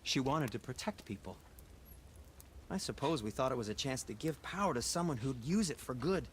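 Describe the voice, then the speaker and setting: An actor voicing a gentle, fussy male dwarf smith in a video game, soft-spoken and wistful. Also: medium pitch, expressive, normal speed, slight background noise, natural voice.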